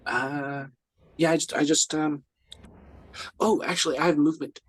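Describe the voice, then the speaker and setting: A man plays a tabletop game, talking casually and hesitantly with lots of ums. His voice is husky and sits a little high for a man. Soft music plays faintly behind him. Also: fairly even intonation, normal speed. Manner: casual, hesitant, many ums, laughs easily. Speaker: player.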